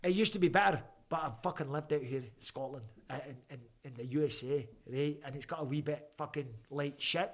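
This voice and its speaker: A man's voice: on the high side, brisk, hardly any pauses. Profane, joking man hosting a stream. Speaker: host. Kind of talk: live-stream chat, watching fights.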